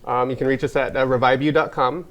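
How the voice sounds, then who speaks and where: A man's voice: mid-range voice, fairly even intonation, quick pace, a bit bright. An American man, a wellness spa owner, talking earnestly in a casual interview, rambling with many fillers and restarts.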